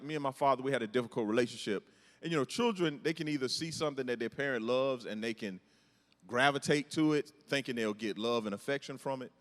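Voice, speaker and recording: A middle-aged man, doing a self-deprecating stand-up comedy set in a large church hall. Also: medium pitch. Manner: storytelling, animated, self-deprecating. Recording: hall reverb from a large venue.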